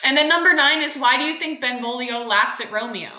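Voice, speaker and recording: A woman's voice: high voice, a little fast, pushed and bright, dull audio. A woman teacher talking through a lesson in a casual, chatty way, with joking asides. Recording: roomy echo.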